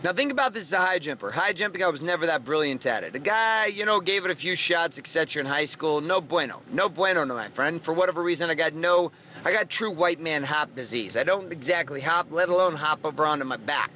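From Washington state in the USA, a middle-aged podcast host delivers a motivational monologue that is brash, profane, and punchy, with dramatic swings. His voice is a little high, expressive, a bit fast, pushed, and bright, with slight background noise.

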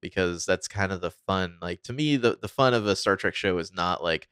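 In a smooth, low voice at a moderate pace with few pauses, a man co-hosts a casual podcast, rambling and animatedly voicing characters. The recording is dry and clean, studio quality.

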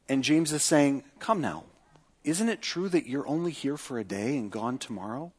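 A middle-aged male pastor preaching a sermon, asking the congregation rhetorical questions and dropping to a softer voice to pray. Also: expressive, moderate pace, slightly rough. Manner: acts out quoted speech with lifted pitch; prays in a softer, lower voice.

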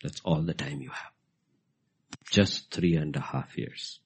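Here a middle-aged man with a bass voice delivers a sermon at a measured pace, his key phrases coming back again and again. He alternates hushed whispers with loud emphatic bursts, and the recording carries a little hiss or hum.

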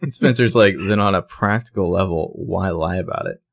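A man's voice: low-pitched, normal speed, creaky, no echo. A man co-hosting a podcast, recapping a TV episode in casual chat and reading lines of dialogue aloud in a plain voice. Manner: conversational, reads out quotes in a plain voice. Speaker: podcast co-host.

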